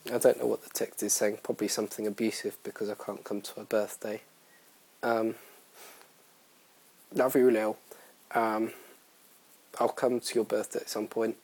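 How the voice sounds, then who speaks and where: A man's voice: on the low side, little pitch movement, normal speed, gravelly, pauses often, a little mellow, husky, low-quality recording. A young man hosting his own podcast in casual, rambling, self-mocking chat full of fillers. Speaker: podcast host.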